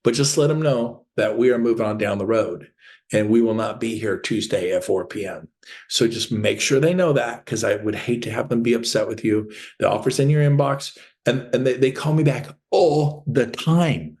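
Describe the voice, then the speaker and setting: A man's voice: medium pitch, moderate pace, a little mellow. A man giving a sales training talk as a real estate coach, telling stories with energy and acting out phone calls.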